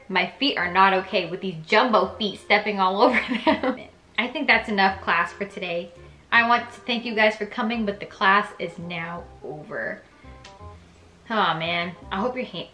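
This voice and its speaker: A woman's voice: medium pitch, sharp tone, roomy sound. A young woman reads aloud the dialogue of a story game, breaking in with chatty, reactive comments of her own. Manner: chatty and reactive, switches between reading and commenting. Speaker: gaming YouTuber reading a story game aloud.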